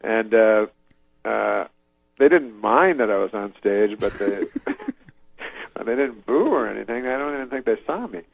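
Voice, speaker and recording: A man telling a long anecdote in a deadpan, meandering way, with frequent filler words, restarts and chuckles to himself. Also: on the low side, measured pace, gravelly, dry recording, low-quality recording. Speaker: guest. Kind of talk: rambling anecdote.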